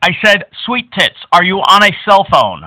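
A man making a prank phone call, crude, abusive and mocking, at times bursting into shouts. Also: sits high, sing-song, normal speed, no room sound. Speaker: prank caller.

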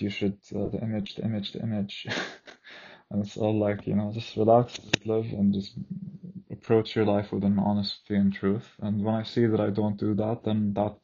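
A man talking through his feelings in a reflective personal monologue, soft-spoken and searching, full of "you know" and "like". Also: fairly low pitch, vocal fry, slightly rough, highs cut off.

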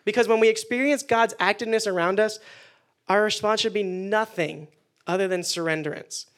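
A man preaching a casual youth sermon indoors to listeners, energetic and conversational with jokes. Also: high-pitched, a little fast. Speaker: youth pastor. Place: indoor meeting room with listeners.

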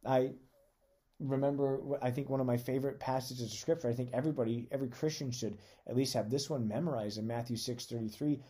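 A man's voice: mid-range voice, steady tone, fast, mellow, husky. A man preaching a conversational sermon on a podcast, earnest and reading scripture aloud with emphasis.

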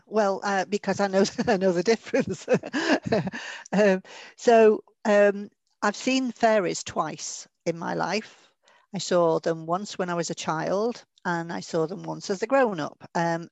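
A woman's voice: fairly low pitch, a little mellow, no room sound. A woman, a medium giving a podcast interview, who tells stories in a chatty, anecdotal way and laughs now and then. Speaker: guest medium.

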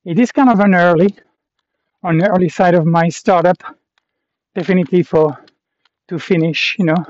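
A man's voice: sits high, moderate pace, darkish tone, no echo. A man from Canada talking to the camera while walking a long trail, rambling in a reflective way with many fillers and restarts. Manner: reflective and self-aware. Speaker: vlogger walking a long-distance pilgrimage trail. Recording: dull lo-fi recording.

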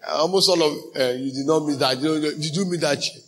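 A male pastor with a Nigerian accent preaching a sermon, slipping into pidgin phrases and breaking into shouted emphasis. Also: a little high, fairly quick, soft background music.

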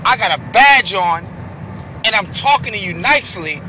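A man giving loud, profane commentary in a rant that breaks into shouting. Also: high voice, animated, moderate pace, slight background noise. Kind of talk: ranting commentary.

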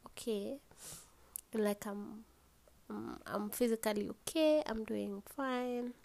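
A woman's voice: fairly high pitch, unhurried, gravelly, a little mellow. A tired young woman with a Kenyan accent hosts a casual solo podcast, rambling, yawning and swearing freely as she switches between English and Swahili. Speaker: podcast host.

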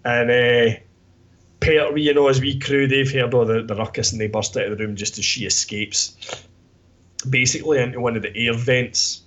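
A man's voice: mid-range voice, steady tone, moderate pace, a bit bright, dull audio. A Scottish man co-hosting a podcast, giving a rambling, sweary plot recap full of fillers. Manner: rambling, sweary, lots of "kinda" and "basically". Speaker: podcast co-host reviewing a film.

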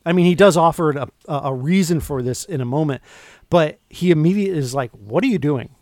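A man co-hosting a podcast, recapping film scenes in an animated, casual way with lots of restarts. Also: a little high, fast, no echo, clean studio sound. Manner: animated, retells scenes with quoted lines and restarts. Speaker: podcast co-host. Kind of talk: casual movie review chat.

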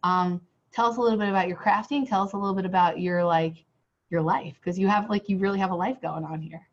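A woman hosting a casual interview podcast, her voice hoarse from a cold, rambling with many fillers and restarts. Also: medium pitch, steady tone, fast talker. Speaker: podcast host. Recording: dull lo-fi sound.

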